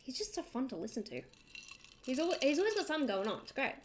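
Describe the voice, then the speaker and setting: A young Australian woman with a slightly high voice talks casually while she draws on stream. She rambles, trails off mid-thought and reads out and answers her chat in a loose, chatty way. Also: sing-song, fast, slight background noise. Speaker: livestreamer.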